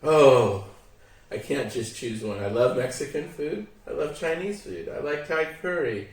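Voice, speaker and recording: Relaxed American man, Western accent. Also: medium pitch, unhurried. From San Diego, California. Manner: relaxed, friendly explaining. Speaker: interview guest. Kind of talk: casual interview. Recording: echoey, from a distance.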